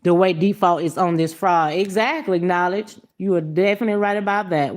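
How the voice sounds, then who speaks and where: A woman hosting a live stream, reacting to clips and chatting with viewers in a blunt, profane, animated way. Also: fairly low pitch, a little fast, few pauses. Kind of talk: casual live-stream commentary.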